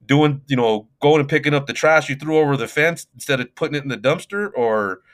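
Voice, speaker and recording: A man in his forties talks as a podcast guest, unhurried and reflective. He hands out advice about parenting and life in a loose, conversational way. His talk is full of everyday fillers. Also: on the high side. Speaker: guest, youth coach and mentor. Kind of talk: casual podcast interview.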